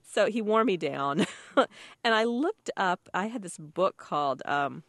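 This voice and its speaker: A woman's voice: fairly low pitch, unhurried. A woman cookbook author chatting on a radio show, telling stories with laughs and acted-out voices. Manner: animated storyteller, laughs often, acts out quoted voices. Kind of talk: casual radio chat.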